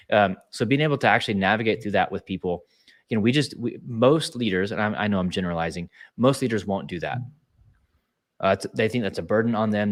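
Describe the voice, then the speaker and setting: A man speaking as a leadership speaker in a casual webinar, talking earnestly in a coaching way with frequent restarts. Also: fairly low pitch.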